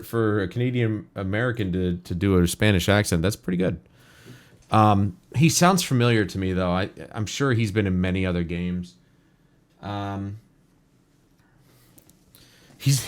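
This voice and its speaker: Man casually reacting to a game trailer. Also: mid-range voice. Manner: rambling, candid, frequent restarts and filler words. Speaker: reaction video host. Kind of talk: casual spoken reaction commentary.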